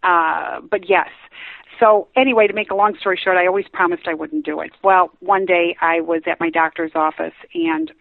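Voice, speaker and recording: A woman's voice: fairly low pitch, lively intonation, moderate pace, vocal fry, no echo. A woman who is a psychic medium, telling a story in a chatty way with many fillers, heard over a phone line. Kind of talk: storytelling, casual chat. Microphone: telephone. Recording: narrow phone-line audio, dry.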